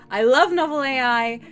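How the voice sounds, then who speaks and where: A woman's voice: sits high, slow pace, fairly bright tone. A woman from the UK streaming live, chatting casually and reading comments aloud in a self-deprecating, giggly way. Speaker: streamer co-writing a story with AI.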